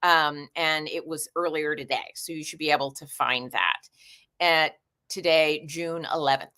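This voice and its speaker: A woman's voice: low voice, fairly even intonation, measured pace, sharp tone. A woman in her forties hosting a casual livestream, chatting and reading viewer comments aloud. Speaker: livestream host.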